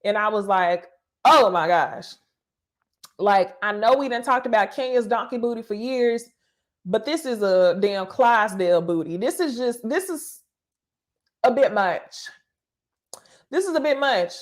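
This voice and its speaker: A woman hosting a casual reality TV recap, talking to viewers in an animated, profane way with laughing asides. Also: on the high side, moderate pace.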